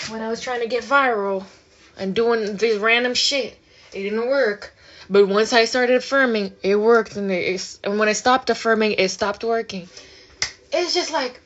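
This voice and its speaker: A woman's voice: medium pitch, fairly bright tone, lo-fi sound, slight background noise. A woman vlogger ranting casually and emphatically, cursing often and rambling as she talks. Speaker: manifestation vlogger.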